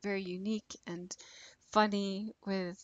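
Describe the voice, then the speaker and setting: Slow, rambling woman, very dry sound. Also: mid-range voice, level tone, no echo, lo-fi sound. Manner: rambling and hesitant, with many fillers and restarts; a bit nervous. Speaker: YouTube creator doing a tag video. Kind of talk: casual chat.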